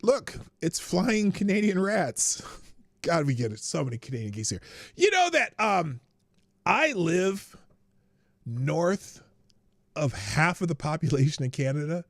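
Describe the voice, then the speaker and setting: A man's voice: a little high, sing-song, a little slow, no echo, clean studio sound. A man hosting a live stream, chatting casually and rambling, with frequent laughs and restarts. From United States. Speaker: livestream show host.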